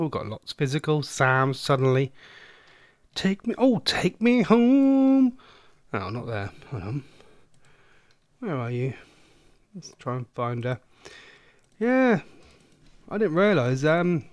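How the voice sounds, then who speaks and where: A man's voice: a little high, dry recording. Chatty English man hosting a radio show. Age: adult, a former smoker. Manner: chatty, rambling, self-interrupting. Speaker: host of an online radio phone-in. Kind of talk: casual solo radio chat.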